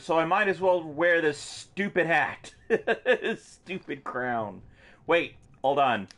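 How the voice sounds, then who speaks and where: A man's voice: a little high, animated, takes it slowly, a bit bright. A man giving goofy, joking commentary while playing a video game, laughing often and slipping into silly voices. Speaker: gaming video host.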